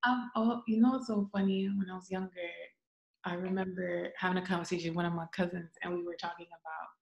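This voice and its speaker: A young woman from Jamaica co-hosting a casual chat, lively and laughing as she tells stories. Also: on the low side, quick pace, gravelly, lo-fi sound. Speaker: podcast co-host. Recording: echoey room.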